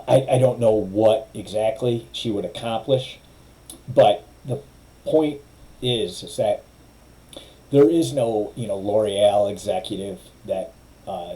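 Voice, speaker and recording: A man's voice: on the low side, warm tone, low-quality recording. A middle-aged man, a lawyer, giving opinionated, wry commentary in a casual way and mimicking others' phrasing.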